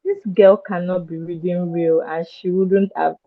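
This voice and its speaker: A woman co-hosting a book podcast, chatting casually and gushing with excitement. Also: on the low side, measured pace. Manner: excitable, gushing, breaks into screams. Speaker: podcast co-host. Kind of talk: casual chat. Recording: tinny phone-like line.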